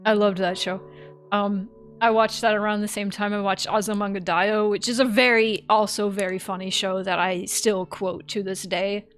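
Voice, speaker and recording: A woman livestreaming a game and chatting casually, animated, laughing often and swearing freely. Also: mid-range voice, normal speed, faint music behind. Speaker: streamer.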